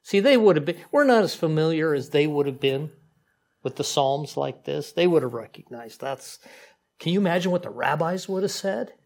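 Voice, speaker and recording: A man preaching a sermon in a conversational, animated way, with frequent asides to the congregation. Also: a little high, normal speed. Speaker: pastor.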